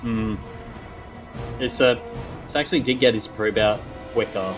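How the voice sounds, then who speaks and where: A man's voice: fairly low pitch, fairly even intonation, unhurried, music in the background. A man casting a live strategy game tournament, tossing out dry, teasing asides. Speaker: esports caster. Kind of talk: casual live game commentary.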